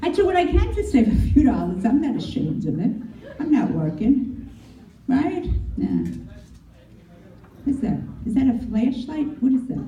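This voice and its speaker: A woman's voice: high voice, very animated, normal speed, long pauses, dark tone, dull audio. Brash New woman doing stand-up. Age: middle-aged. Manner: brash, crude, sardonic. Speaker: stand-up comic. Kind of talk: stand-up comedy set. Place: comedy club. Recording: echoey club from a distance. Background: audience laughing.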